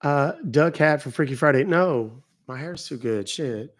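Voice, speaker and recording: A man's voice: fairly high pitch, a little slow, hardly any pauses. Joking, foul-mouthed male stream host. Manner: joking, profane, chatty with the audience. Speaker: livestream host. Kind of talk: casual live-stream chat.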